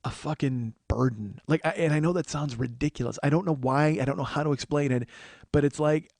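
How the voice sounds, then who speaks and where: A man's voice: on the high side, fairly quick, gravelly, darkish tone, no room sound, clean studio sound. Exasperated profane man ranting a story. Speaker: comedian and podcast host. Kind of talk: storytelling monologue.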